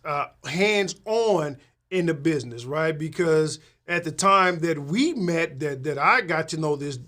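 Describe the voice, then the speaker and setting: A man, a tax professional, talking casually to his audience, rambling with many restarts and asking "right?" often, getting animated when he retells conversations. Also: on the high side.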